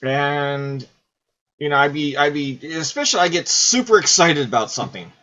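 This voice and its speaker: A man's voice: a little high, lively intonation, normal speed, sharp tone, highs cut off. A man in his forties hosting a casual game video, rambling and self-deprecating as he talks through questions. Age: 40s. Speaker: host. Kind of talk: casual commentary while playing a game.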